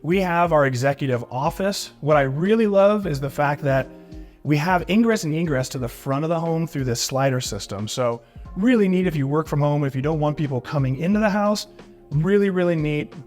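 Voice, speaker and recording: A man's voice: fairly high pitch, moderate pace, a little mellow, soft background music. A man giving an enthusiastic walkthrough tour of a house, walking room to room and praising every feature. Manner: upbeat, enthusiastic, repeats "really neat" and "beautiful". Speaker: real estate agent giving a home tour. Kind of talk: walkthrough home tour vlog.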